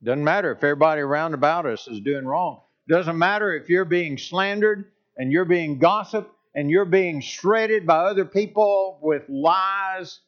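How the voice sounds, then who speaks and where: A man preaching a sermon as pastor, speaking in a deliberate, emphatic way and repeating phrases to drive points home. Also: a little high, muffled recording.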